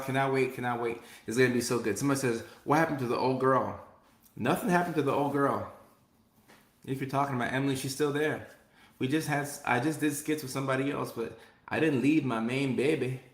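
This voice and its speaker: A man hosting a live stream, chatting upbeat and repeating phrases as he reads viewer comments. His voice sits in a middle pitch. The room around him gives it a noticeable echo. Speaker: host.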